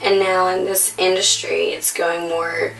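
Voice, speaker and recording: A woman visiting as interviewer, asking casual questions in an even delivery. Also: lowish voice, unhurried, vocal fry. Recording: roomy, distant mic with music.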